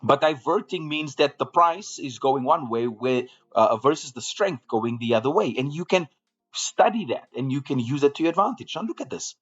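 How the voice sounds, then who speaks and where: Animated man hosting a live trading stream. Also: medium pitch, moderate pace, husky, lo-fi sound, faint music behind. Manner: animated, repeats phrases, asks viewers to follow along. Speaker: live trading room host. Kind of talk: live market commentary.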